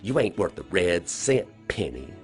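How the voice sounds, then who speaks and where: A man voicing a slow, confident country schoolgirl with a rural Southern accent, sly and teasing. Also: deep voice, sing-song, faint music behind. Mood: taunting. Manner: drawling, teasing, quietly menacing.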